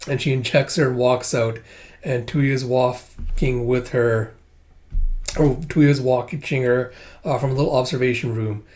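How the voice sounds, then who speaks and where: A man's voice: medium pitch, steady tone, a little slow, a little mellow. A man casually recapping a comic book, loose and chatty, with filler words and restarts.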